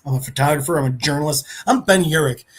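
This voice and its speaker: A man voicing a weary, drunken male reporter who speaks low and subdued. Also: quick pace, husky. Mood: resolved.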